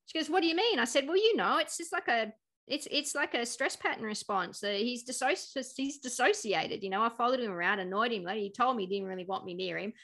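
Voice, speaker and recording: A woman's voice: a little high, a little fast, a bit bright. A woman, a pharmacist by trade, telling a story in casual conversation, laughing often and acting out what people said. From Australia. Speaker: guest, pharmacist. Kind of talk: casual podcast chat.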